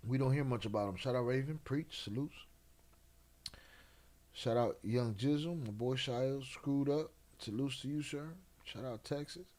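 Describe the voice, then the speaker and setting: A man hosting a casual late-night livestream, laid-back and slang-heavy, reading chat and giving shout-outs. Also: mid-range voice, moderate pace. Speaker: livestream host.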